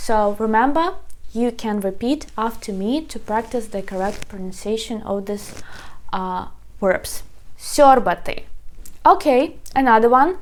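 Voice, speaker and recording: A young woman with a Ukrainian accent, whose first language is Ukrainian, teaching vocabulary in an online lesson and slowly repeating each word for learners. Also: on the high side, lively intonation.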